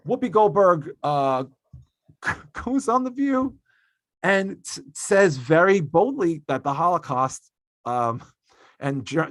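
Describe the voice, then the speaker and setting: A man's voice: fairly high pitch, no room sound. A man hosting a podcast, ranting emphatically in casual opinionated chat and swearing freely. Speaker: podcast host.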